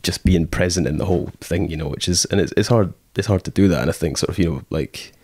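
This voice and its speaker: A man's voice: low-pitched, quick pace, darkish tone, slightly rough, dry recording, clean studio sound. A Scottish man in casual conversation, rambling with many fillers and acting out quoted thoughts as he tells stories. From Scotland. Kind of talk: casual chat.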